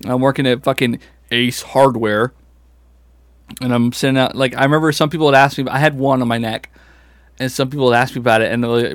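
A man's voice: medium pitch, fairly even intonation, a little fast, dry recording. A young man co-hosting a podcast in casual, laugh-filled chat, swearing easily. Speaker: podcast co-host.

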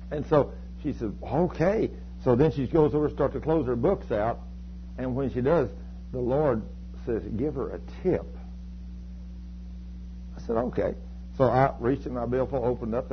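A man's voice: medium pitch, a little hiss or hum. A man preaching, telling a story in a folksy, colloquial way. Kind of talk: storytelling sermon. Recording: dull lo-fi recording.

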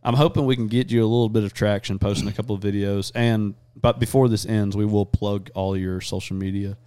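A man hosting a podcast, chatting casually and crudely, rambling fast between jokes. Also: lowish voice, steady tone, warm tone, smooth, no echo. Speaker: podcast host. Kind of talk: casual chat.

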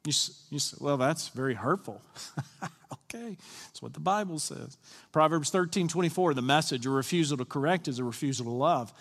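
A man's voice: on the high side, lively intonation, moderate pace, vocal fry, a bit bright, slightly rough, long reverb tail. A man, a senior pastor, giving a conversational sermon and often asking the congregation questions. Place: church sanctuary.

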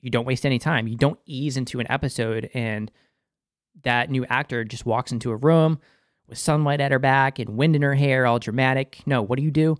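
Fairly quick and medium in pitch, a Boston-accented man hosts an enthusiastic, casual episode review, at times calling himself by his show name. The studio sound is clean with no room sound.

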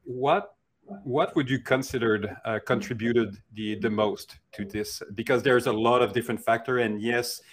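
A man's voice: mid-range voice, fairly even intonation, moderate pace. A man co-hosting an interview, asking long, winding questions with plenty of restarts. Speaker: co-host. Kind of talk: interviewing a guest.

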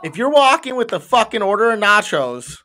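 Young male podcast co-host, fairly high voice, rambling and profane, casual banter. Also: big pitch swings, brisk, bright, forceful tone. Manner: swears a lot, rambling storyteller. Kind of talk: casual chat.

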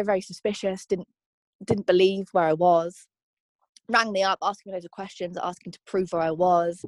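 A woman's voice: mid-range voice, darkish tone, no echo. A young woman being interviewed, telling her own story in a candid, reflective way with frequent ums and likes. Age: young adult. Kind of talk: personal testimony interview.

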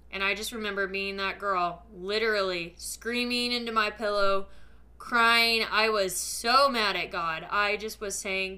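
A woman's voice: mid-range voice, steady tone, unhurried, sharp tone. A woman hosting a podcast, speaking to listeners in a casual, emphatic and earnest faith-based motivational talk. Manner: casual, with frequent fillers. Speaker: podcast host.

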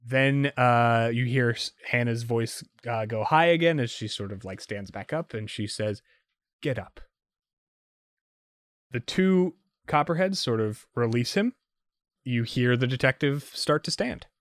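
A man's voice: mid-range voice, unhurried, dry recording, clean studio sound. A man narrating as game master for a tabletop game, rambling with many fillers and restarts.

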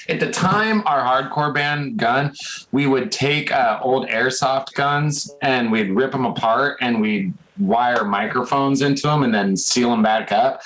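A young man tells a rowdy story in a casual, profane chat. He talks in a loose, animated way at a middle pitch. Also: poor audio. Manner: profane, animated storyteller who acts out quotes.

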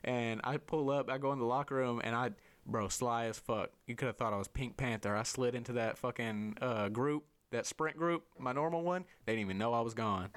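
A man's voice: medium pitch, a little fast, few pauses, clear, resonant tone. A young man hosting a casual chat, telling a long story full of swearing and acted quotes from the people in it. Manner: animated, profane storytelling with lively voiced quotes.

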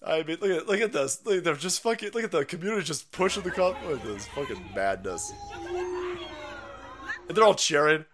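A sarcastic, foul-mouthed man rants through a live stream, his pitch swinging widely and sitting a little high. He laughs at his own jokes and keeps the swearing coming. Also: lively intonation, a little fast, fairly bright tone. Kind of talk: profane political rant.

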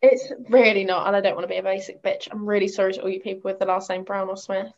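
A woman's voice: medium pitch, level tone, fast talker. A young woman from Britain chatting on a podcast, gushing about crushes and laughing easily. Her speech is loose and full of swearing. The recording sounds a little dull and lo-fi. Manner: giggly, gushing, swears freely. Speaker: podcast co-host. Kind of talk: casual chat.

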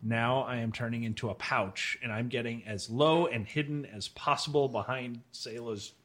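Husky guy at the game table, kinda hesitant, casual. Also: medium pitch, fairly even intonation, moderate pace, a bit bright. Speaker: player. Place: radio studio.

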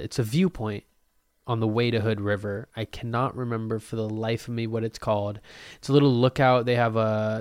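A young man talks to himself at his desk for a solo podcast, rambling from one thought to the next and joking about himself. His voice sits in an ordinary middle range, and it jumps between loud bursts and low mutters. The sound is dry and close, with hardly any room around it. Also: smooth, dry recording. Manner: rambling, joking and self-mocking, with sudden loud bursts and mumbled asides. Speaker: podcast host. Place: at a desk at home.

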